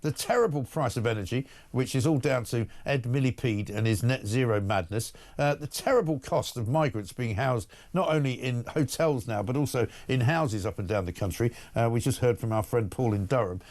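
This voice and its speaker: A man's voice: medium pitch, moderate pace, few pauses, a little mellow. A male morning talk-show host who reads out listener messages and gives blunt, indignant opinions.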